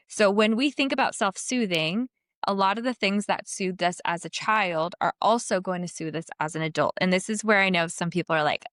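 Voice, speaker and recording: A woman therapist, talking gently and reassuringly in a podcast interview, explaining ideas through everyday examples. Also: lowish voice, no echo, studio quality. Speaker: therapist guest.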